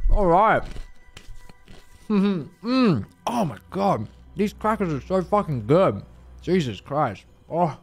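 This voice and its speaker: Lively swearing streamer man. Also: fairly high pitch, measured pace. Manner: animated and profane, chatting to viewers. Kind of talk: live gameplay stream chat.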